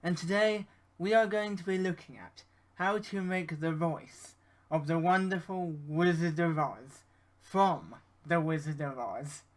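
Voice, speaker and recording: A man's voice: a little high, unhurried. A man teaching audio effects in an informal, hesitant way, with many fillers. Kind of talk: screen-share software tutorial.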